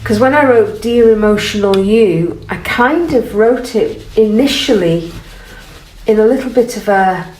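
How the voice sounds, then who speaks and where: A woman gently guiding an art lesson while she paints, encouraging and thinking aloud. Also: medium pitch, lively intonation, a little slow. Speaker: art teacher. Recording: roomy, from off the mic, faint noise.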